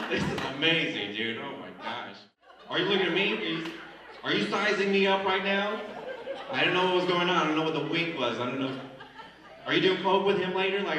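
A male comedian doing profane, teasing crowd work at a live show. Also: a little high. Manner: brash, profane, teasing banter. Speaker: stand-up comedian. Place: lodge banquet hall. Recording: echoey hall from far off, crowd noise. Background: audience laughter.

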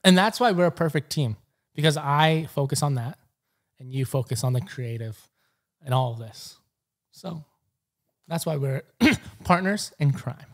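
Deadpan young podcast co-host. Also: male voice, on the high side, measured pace, long pauses. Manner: dry, deadpan, confident. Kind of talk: casual chat.

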